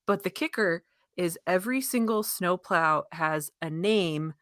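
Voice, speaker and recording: A woman in her thirties with a low voice, chatting on a podcast and telling stories with plenty of laughter. The recording is dry and close, with no room sound. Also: unhurried, fairly bright tone, dry recording. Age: 30s. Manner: chatty storyteller, laughs often. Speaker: podcast co-host. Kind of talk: casual chat.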